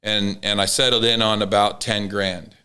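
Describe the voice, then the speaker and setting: A man's voice: on the low side, level tone, moderate pace, pushed and bright, clean tone. A man in casual conversation, telling an emotional story with many restarts. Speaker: podcast guest.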